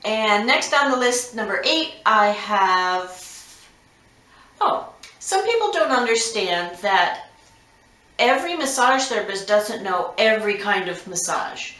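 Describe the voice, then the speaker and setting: A woman's voice: medium pitch, bright, forceful tone. A woman massage therapist giving frank, numbered advice to her clients. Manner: frank, instructive, lists numbered tips. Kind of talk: direct advice monologue. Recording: roomy echo.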